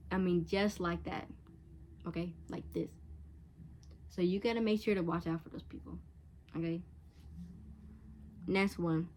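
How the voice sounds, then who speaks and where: A woman's voice: fairly low pitch, darkish tone, slight background noise. A teenage girl vlogger giving frank, chatty advice straight to camera, casual and blunt. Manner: chatty, frank, acts out catty voices in quotes.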